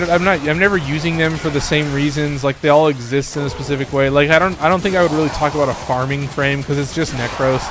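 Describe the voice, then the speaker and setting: A man's voice: mid-range voice, noisy background. A man streaming a game, talking casually with lots of fillers and restarts. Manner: rambling, full of fillers and restarts. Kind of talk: casual gameplay commentary.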